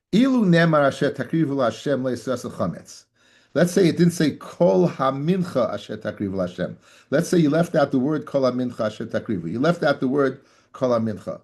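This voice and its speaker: With a medium-pitched, darkish, slightly rough voice, this man leads a daily Talmud class as a rabbi. He addresses everyone as "guys," repeats himself, peppers the group with rhetorical questions, and sprinkles Hebrew and Yiddish into his English.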